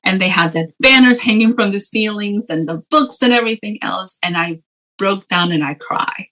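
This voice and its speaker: A woman's voice: mid-range voice, moderate pace, poor audio. A middle-aged woman from Texas, a guest author, telling personal stories in an interview and acting out what people said. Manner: expressive storyteller, acts out quoted voices. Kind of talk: conversational interview.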